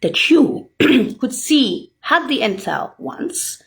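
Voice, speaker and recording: A woman in a profane, rambling rant, mocking and swearing heavily, jumping between loud outbursts and low muttering. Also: sing-song, slow pace, creaky.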